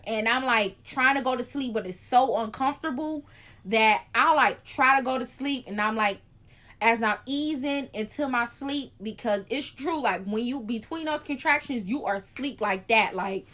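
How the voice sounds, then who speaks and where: A young woman telling a personal story in a casual vlog, chatty and animated, acting out scenes with gasps. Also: a little high, normal speed. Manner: chatty, frequent "like" fillers. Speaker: vlogger.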